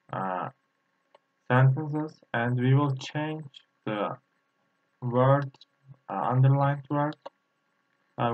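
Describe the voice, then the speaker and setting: A man from Turkey teaching a language lesson, speaking haltingly with many fillers and repeating each word several times. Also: mid-range voice. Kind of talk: slow whiteboard language lesson. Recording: tinny phone-like audio.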